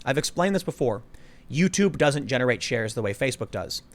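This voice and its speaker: Male podcast host, mid pitch, argumentative and emphatic in casual political talk. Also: very animated, a little fast.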